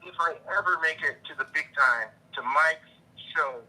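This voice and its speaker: A man chatting as a guest on a collecting show, upbeat and quick to give shout-outs. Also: fairly high pitch, slightly rough, rough recording. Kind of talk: casual chat.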